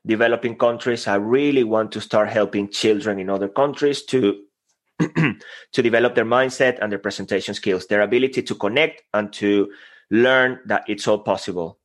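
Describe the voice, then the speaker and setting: A man's voice: lowish voice, moderate pace. Earnest motivational man with Spanish roots. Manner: earnest, motivational, self-deprecating. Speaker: guest speaker. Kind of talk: podcast interview.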